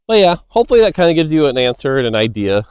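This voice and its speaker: A man's voice: on the high side, very animated, rapid-fire, smooth. A man, a game designer, chatting loosely outdoors on a walk, answering questions with lots of fillers and side stories. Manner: loose, filler-heavy, storytelling. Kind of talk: casual Q&A monologue. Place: outdoors walking by a road.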